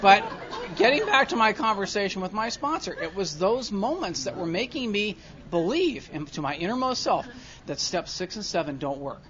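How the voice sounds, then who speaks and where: A man speaking at a recovery meeting, telling a self-mocking story to an audience and swinging from quiet asides to loud comic rants. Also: high voice, very animated, normal speed. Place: large convention hall with audience. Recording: dull lo-fi live hall recording, faint crowd.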